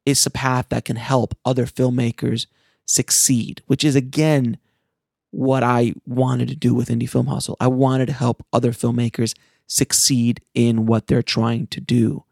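Earnest man with a gravelly voice. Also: medium pitch, a little mellow, dry recording, studio quality. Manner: earnest and passionate, with frequent restarts. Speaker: filmmaker and podcast host. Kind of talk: casual monologue to listeners.

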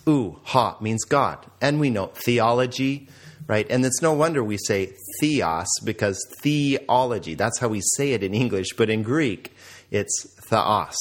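Lively, slow-speaking male Greek teacher. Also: medium pitch. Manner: patient, explains slowly and quizzes the listener. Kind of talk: recorded grammar lesson.

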